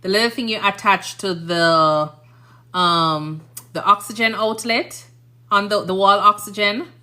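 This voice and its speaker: A woman's voice: medium pitch, measured pace, bright, forceful tone. A woman in her thirties with a Jamaican accent, a nurse chatting casually on a live stream, rambling and often asking "you understand?".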